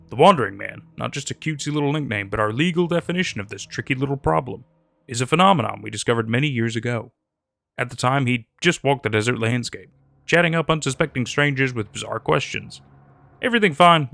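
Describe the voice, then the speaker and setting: A man voicing a gruff, blunt middle-aged government agent with a Western drawl. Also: mid-range voice, a bit bright. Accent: American Western drawl. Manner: blunt, sardonic.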